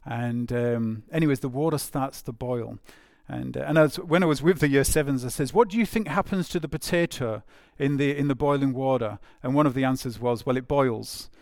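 A man delivers a sermon in a gravelly, creaky voice. He talks conversationally, circling back and repeating phrases for emphasis, with plenty of ums and uhs. The recording is dry and close, with no room echo. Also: mid-range voice, brisk, hardly any pauses, darkish tone. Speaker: preacher.

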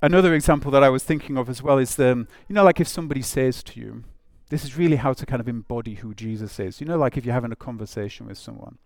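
A man's voice: medium pitch, quick pace, gravelly, hardly any pauses, dry recording. A man preaching a conversational sermon, informal, often breaking into asides and acting out quotes. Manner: informal, with frequent "it's like" asides and acted-out quotes.

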